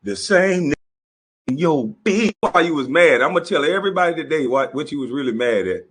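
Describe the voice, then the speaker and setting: A man's voice: a little high, expressive, brisk, fairly bright tone, husky. A man delivering a profane comedic roast rant, laughing often as he goes. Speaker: commentator.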